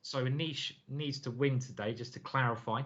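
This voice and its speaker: A man's voice: mid-range voice, fairly even intonation, moderate pace, fairly bright tone. An English man hosting casual live chess commentary, talking in a chatty, joking way and laughing often. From England. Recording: dull lo-fi stream audio.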